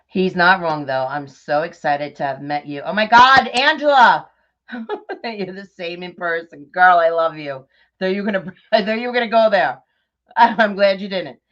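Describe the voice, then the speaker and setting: A middle-aged woman from New York with a New York accent, chatting warmly and effusively with viewers by name while crafting on a livestream. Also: fairly low pitch, expressive, normal speed. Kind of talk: casual livestream chat while crafting bows. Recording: dull lo-fi livestream audio.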